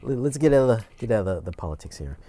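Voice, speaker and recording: Deep, mellow-voiced laid-back man. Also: animated, quick pace. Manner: laid-back, rambling and blunt. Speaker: podcast co-host. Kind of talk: casual podcast chat.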